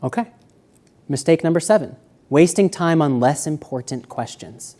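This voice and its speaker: A man giving a live seminar lecture, walking around and shifting between quiet, slow speech and loud emphasis. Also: a little high, lively intonation. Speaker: seminar presenter. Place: university seminar room.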